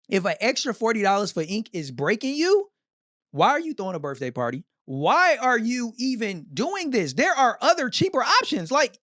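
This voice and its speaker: A man's voice: very high voice, a bit bright, dry recording, clean studio sound. A male host giving blunt, mocking, slangy reaction commentary.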